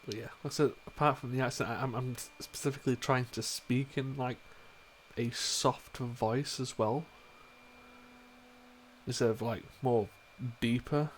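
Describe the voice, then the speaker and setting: A man's voice: mid-range voice, unhurried, a little hiss or hum. Chatty English man at a home mic. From England. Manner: chatty, relaxed, swearing casually. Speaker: player. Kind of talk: casual chat between game sessions.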